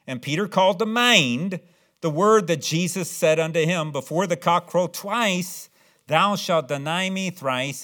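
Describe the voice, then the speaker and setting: A man delivers a sermon in a fairly high-pitched voice. He draws out scripture readings slowly and hammers points home by repeating phrases. His delivery rises from quiet explanation to loud, emphatic declarations. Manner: reads scripture aloud in slow, drawn-out cadence. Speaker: pastor.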